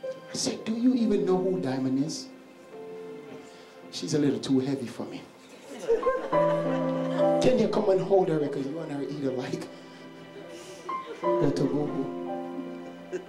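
A man's voice: on the high side, animated, a little slow, long pauses, music in the background. A man preaching as pastor, telling a family story to his congregation in a church service. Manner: shouting exhortations, then telling a family story. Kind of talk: sermon. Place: church sanctuary with music. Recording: echoey church with instrument behind.

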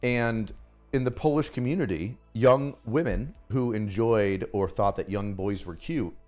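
A man hosting a casual stream, roasting his guest with loud mock-angry rants and heavy swearing. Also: lowish voice, measured pace, faint music behind. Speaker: podcast host.

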